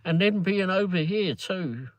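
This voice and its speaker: High-voiced and lively in intonation, this man keeps a measured pace on a recording with no echo. He's an Englishman with a London accent, casually chatting and rambling from a car on a live ride-along, using many fillers and swearing freely.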